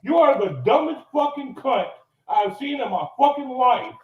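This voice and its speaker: A man's voice: very high voice, expressive, moderate pace, roomy sound, distant mic, lo-fi sound. A man delivering a furious, profane rant on a podcast recorded live on location. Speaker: podcast regular. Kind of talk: angry rant. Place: cigar lounge, live on location.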